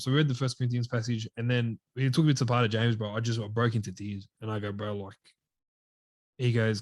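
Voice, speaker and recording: Casting: male co-host, mid-range, heartfelt, quiet at times, dry close mic. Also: mid-range voice, little pitch movement, quick pace, no echo. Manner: heartfelt, often drops to a quiet voice. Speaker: podcast co-host. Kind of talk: casual faith chat.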